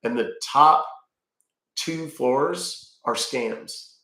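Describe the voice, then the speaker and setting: Chatting casually with viewers on his livestream, a man reads their messages and answers questions using easygoing fillers. His medium-pitched voice is very slow with a sharp tone, and the sound is roomy.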